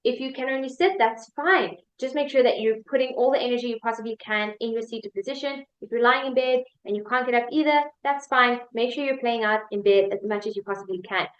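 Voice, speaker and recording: A woman's voice: fairly high pitch, a little fast, few pauses, lo-fi sound. A woman life coach guiding a motivational workshop video, upbeat and leading repeat-after-me chants.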